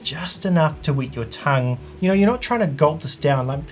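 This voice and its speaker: A man's voice: on the high side, lively intonation, brisk, soft background music. A man hosting his own channel, talking through an explainer in a chatty, conversational way. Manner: chatty, conversational, with frequent "like" and "you know". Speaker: whisky channel host. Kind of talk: casual explainer vlog.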